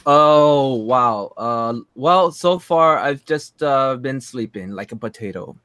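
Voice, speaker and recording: A man co-hosting a casual livestream, telling stories in an excitable, rambling way with many fillers. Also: mid-range voice, slow pace, clean tone, no echo, clean studio sound. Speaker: streamer and co-host.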